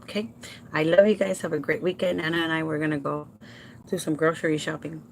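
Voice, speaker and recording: A woman who works as a home care provider, talking casually and warmly to her viewers from home, emotional and halting at times. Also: sits low, fairly even intonation, vocal fry, slight background noise. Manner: emotional and heartfelt, addresses viewers as "you guys"; halting with repeated restarts when upset.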